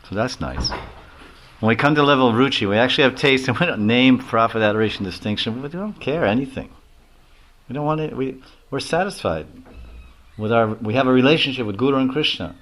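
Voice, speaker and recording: Older monk, laughing anecdotal lecture. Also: male voice, mid-range voice, a bit bright. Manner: rambling, anecdotal, laughs at his own stories. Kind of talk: devotional lecture.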